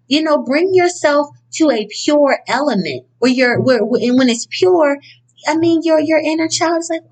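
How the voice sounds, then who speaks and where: A somewhat high-voiced woman talks casually and bluntly, peppering her advice with profanity. She delivers it like a motivational talk from her notes, breaking into animated, emphatic bursts. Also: normal speed, rough recording. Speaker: speaker on inner-child healing.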